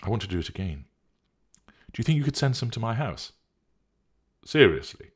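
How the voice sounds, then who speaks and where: A man's voice: on the low side, sing-song, moderate pace, breathy edge, pitched above the performer's own voice. A man putting on a demanding, pleading woman. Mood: wheedling. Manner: pleading, insistent, petulant. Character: demanding young woman craving drugs.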